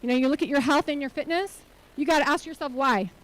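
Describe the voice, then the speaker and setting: A woman's voice: high-pitched, quick pace, rough recording. A woman speaking as a nonprofit CEO giving a motivational conference talk on a stage, earnest and full of rhetorical questions to the audience.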